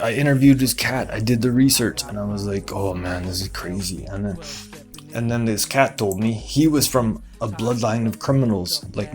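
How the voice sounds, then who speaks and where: A man hosting a comedy show, rambling through a conspiracy-style monologue full of fillers and quick put-on voices for other people. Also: on the low side.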